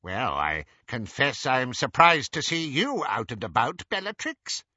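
A man's voice: mid-range voice, big pitch swings, measured pace, sharp tone, dry recording, lo-fi sound, heavily acted. A man voicing a tall, aloof older wizard who speaks coolly and formally. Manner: cool, formal, faintly affronted.

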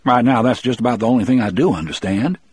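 A man voicing a frightened young male prison guard with a hissy little voice, pitched well above his own. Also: quick pace, darkish tone, slightly rough, no echo. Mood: nervous.

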